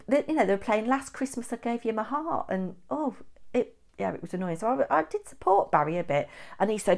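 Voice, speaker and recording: A middle-aged woman from England, chatting and telling stories in a vlog update, animated and ranting at times. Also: medium pitch. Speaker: craft vlogger.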